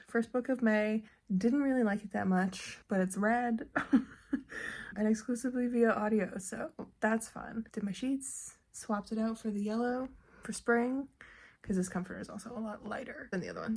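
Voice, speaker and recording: A woman's voice: a little high, creaky, no room sound. Chatty woman vlogger, often whispering. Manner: chatty and rambling, laughs often, drops into whispers; coos softly in baby talk at her pet. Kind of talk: casual chat. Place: bedroom at home.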